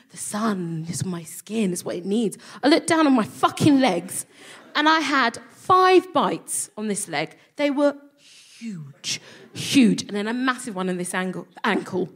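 A woman tells a self-mocking story on a live stage and slips into other people's voices as she goes. Her voice is husky and sits at an ordinary pitch for a woman. She talks with animated comic timing. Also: normal speed. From England. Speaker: comedy podcast co-host. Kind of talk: stand-up storytelling before a live audience.

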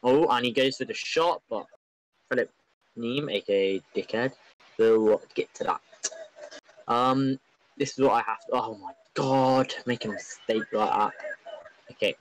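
A man giving excitable, rambling, openly biased live commentary on an online football match. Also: mid-range voice, a little slow, pauses often, poor audio.

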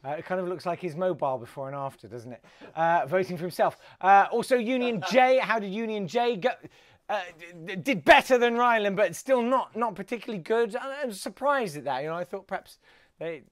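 A man's voice: sits high, expressive, fairly quick, no echo. A man hosting a solo live comedy webcast, talking in a wry, rambling way with many fillers and restarts. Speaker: host.

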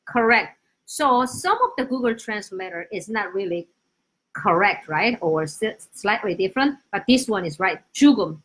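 A woman's voice: mid-range voice, animated, moderate pace. A young woman with a Korean accent teaching a casual live-streamed Korean lesson, drilling pronunciation with lots of repetition.

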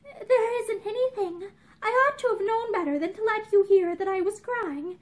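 A woman's voice: extremely high pitch, moderate pace. A woman voicing a despairing, tearful young woman who speaks tremulously through sobs. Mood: withdrawn. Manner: tremulous, sobbing.

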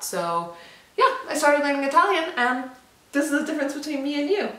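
A woman's voice: sits high, big pitch swings, fairly quick, pushed and bright. A woman, chatting casually as a vlog co-host in a frank, teasing way. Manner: frank, teasing, talks things through. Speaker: vlogger co-host. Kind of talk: casual chat. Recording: roomy sound, mic at a distance.

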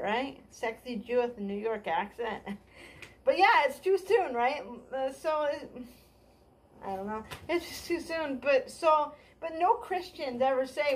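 Woman stand-up, high-pitched, scattered and self-deprecating, trails off and restarts. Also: animated, unhurried. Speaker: stand-up comic. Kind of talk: rambling comedy monologue.

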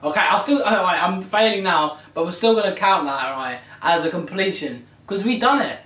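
A young man chatting excitably and joking through a challenge vlog. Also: high voice, brisk. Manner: excitable, chatty, jokey self-commentary. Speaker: YouTuber. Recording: echoey room with loud music behind.

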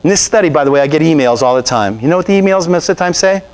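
A pastor preaching to his Bible study group in a loose, talky way. He keeps asking questions, quotes scripture, and acts out the remarks people make to him. His voice sits a bit high for a man and swings widely as he preaches. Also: racing, clean tone, poor audio. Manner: animated, conversational preaching with asides and rhetorical questions.

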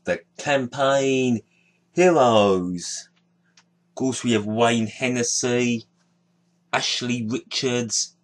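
Slow, unhurried man presenting his collection. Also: medium pitch, a bit bright. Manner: unhurried, listing names one by one. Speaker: sticker album collector, video host. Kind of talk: casual show-and-tell narration.

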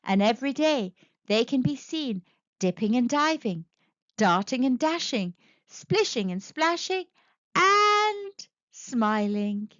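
A woman reading a children's picture book aloud in a lively, sing-song storybook manner. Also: high voice, measured pace, no room sound, highs cut off. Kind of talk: children's read-aloud narration.

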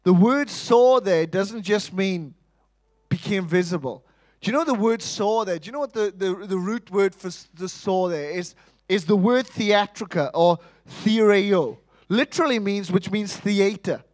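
A man with a fairly high voice delivers a lively, humorous sermon, calling out to the congregation for responses. His voice sits close to the mic and sounds dry, with little room sound around it. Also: a little slow, no echo, rough recording. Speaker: preacher. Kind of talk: Easter sermon.

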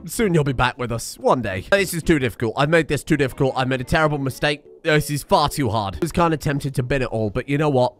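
A man commentating on a video game as a streamer, excitable, laughing and swearing often. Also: medium pitch, fast talker, few pauses. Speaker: gaming streamer. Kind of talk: let's play commentary.

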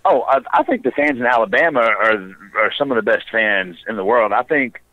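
Male wrestler guest, casual storyteller with a deadpan, sarcastic streak; dry, phone-like sound. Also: medium pitch, fairly quick, dry recording. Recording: dry tinny phone line.

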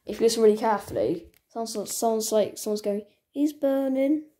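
A woman talks casually to her channel's viewers in a mid-pitched voice. She rambles and halts as she goes, often restarting her sentences. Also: fairly even intonation, mellow. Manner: rambling, halting, many restarts. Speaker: channel owner. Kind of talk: casual vlog chat.

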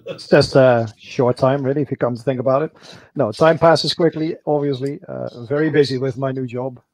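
A man who is a guest on a casual livestream chat, talking in a relaxed, wry and easygoing way. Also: medium pitch, normal speed, rough recording. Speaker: guest hobbyist.

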